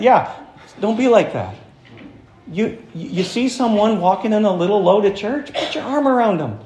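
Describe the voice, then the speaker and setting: A man preaching a sermon as pastor, animated, swinging from hushed passages to loud, high-pitched points. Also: moderate pace, echoey room. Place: church.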